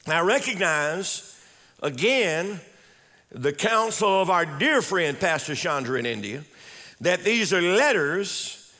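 A man's voice: high-pitched, expressive, takes it slowly, bright, forceful tone. A male pastor preaching a sermon with emphatic delivery, repeating key words and calling on the congregation to respond.

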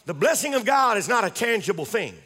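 A man's voice: high voice, sing-song, a little fast, bright, forceful tone, breathy edge, in a large hall. A man preaching a fervent sermon as pastor, repeating phrases and calling on the congregation to respond. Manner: fervent, repetitive, call-and-response.

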